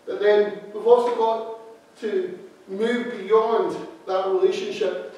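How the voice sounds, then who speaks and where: A man's voice: sits high, fairly even intonation, slow, a little mellow. A man preaching a sermon as associate minister, emphatic and repeating key phrases for stress. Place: church. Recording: very echoey hall, speaker far from mic.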